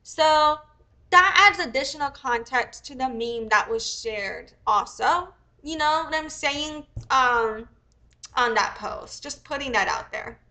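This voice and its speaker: High, bright-voiced woman livestreaming, profane and rambling. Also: lively intonation, takes it slowly. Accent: American. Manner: profane, rambling, thinks aloud. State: a bit sick. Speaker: livestream host. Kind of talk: casual livestream commentary.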